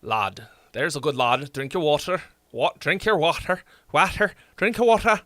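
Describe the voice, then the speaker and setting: A man's voice: fairly high pitch, sing-song, slow pace, dry recording. A man putting on a northern English voice to coax someone to drink water, with a mock accent.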